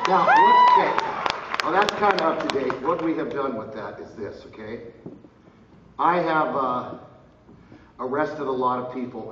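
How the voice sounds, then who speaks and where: At a live event in a large casino hall, a middle-aged man with a medium-pitched voice tells a personal story to the crowd, lively and loud, bursting out and laughing as he slips into other people's voices to act out what they said. The recording sounds roomy, distant and dull, with ambience and slight background noise.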